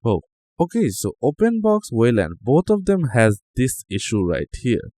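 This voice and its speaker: A man's voice: mid-range voice, huge pitch swings, unhurried, dark tone. A man hosting a tech channel, talking casually over a screen recording, joking and reacting aloud to what he sees.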